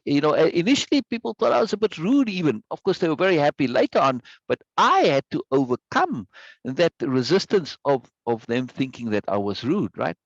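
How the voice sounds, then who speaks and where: A man's voice: a little high, no echo. A middle-aged man teaching an online course, telling stories emphatically and often checking in with "right?". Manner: emphatic, storytelling, frequent "right?". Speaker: course instructor. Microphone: video call mic. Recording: dull lo-fi meeting audio.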